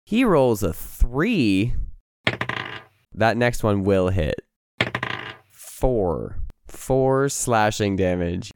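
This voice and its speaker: A man's voice: on the low side, big pitch swings, drawn-out words, pauses often, noisy background. A man narrating a tabletop game as game master, playful, with laughing asides.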